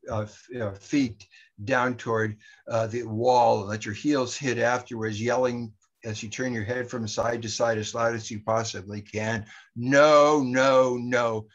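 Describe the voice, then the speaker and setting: A man's voice: on the low side, breathy edge, muffled recording. A man presenting a workshop, explaining an exercise step by step in a methodical, instructional way.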